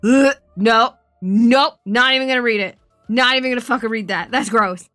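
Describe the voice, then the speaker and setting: A woman's voice: fairly high pitch, moderate pace, dry recording, soft background music. Swearing, rambling young woman streamer. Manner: swears often, rambling and animated storytelling. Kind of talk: casual chat.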